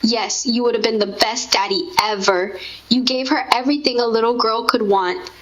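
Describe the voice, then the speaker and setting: A woman's voice: fairly high pitch, steady tone, normal speed, fairly bright tone. A woman speaking as a grieving mother in a tender, heartfelt conversation. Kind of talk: intimate spoken conversation. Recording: dull lo-fi recording.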